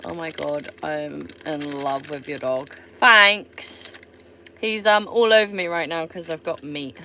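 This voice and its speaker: A chatty woman with a Somerset accent talks on a casual livestream, answering viewers between bites of food. Her voice is bright and slow, with plenty of swearing. A faint hiss of noise sits under it. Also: low voice. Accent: Somerset English. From England. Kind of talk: casual live-stream chat.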